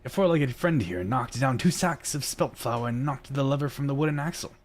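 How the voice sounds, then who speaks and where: A man's voice: medium pitch, expressive, a little fast, slight background noise, voice pushed up, natural voice. A man doing a good-humored miller with a put-on accent. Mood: teasing. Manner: amused, teasing, with an attempted accent. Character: good-humored middle-aged male miller.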